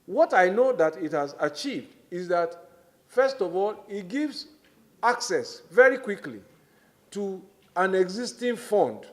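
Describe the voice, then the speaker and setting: Measured Nigerian man, slightly high voice. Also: a little mellow. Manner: measured, deliberate, emphatic explaining. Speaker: government minister. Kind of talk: formal testimony at a public hearing.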